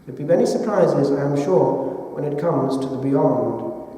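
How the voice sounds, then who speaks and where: A man from England, a priest delivering a sermon in a measured, deliberate way with long pauses. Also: fairly high pitch, mellow. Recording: echoey church hall from far off.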